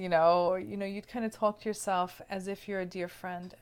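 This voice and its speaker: A woman speaking as a self-love coach, explaining in a gentle, casual teaching manner and often checking in with the listener. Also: lowish voice, flat delivery, brisk, clear, resonant tone.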